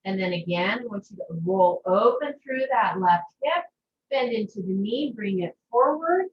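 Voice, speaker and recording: A woman guides a yoga class over a video call with slow, gentle, soothing instructions. She sounds distant from the mic in an echoey room, and the audio is muffled with faint background noise. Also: mid-range voice, lively intonation.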